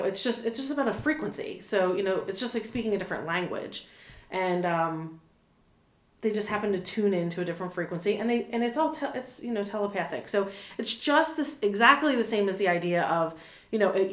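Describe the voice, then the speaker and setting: A woman's voice: mid-range voice, roomy sound. A woman in her thirties chatting casually as an interview guest, full of fillers, restarts and little laughs. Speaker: animal communicator guest.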